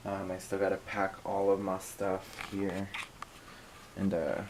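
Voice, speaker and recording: Give me a teary young man, talking slowly and softly at home late at night, with a faint hum behind him. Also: low-pitched, completely flat delivery, poor audio. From Hawaii. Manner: rambling, soft, with many fillers and nervous laughs. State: emotional, teary. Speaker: vlogger. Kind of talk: casual late-night vlog talk.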